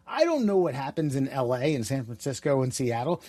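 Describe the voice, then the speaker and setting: A man from the United States co-hosting a podcast in casual chat, rambling and profane, with sudden excited jumps in his voice. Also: mid-range voice, a little fast, hardly any pauses, no room sound. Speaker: podcast co-host.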